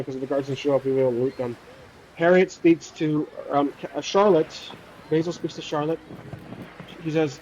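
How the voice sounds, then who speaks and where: A man's voice: a little high, a little mellow, a little hiss or hum. A man narrating his own solo tabletop game, thinking aloud and often restarting, on a dull lo-fi recording.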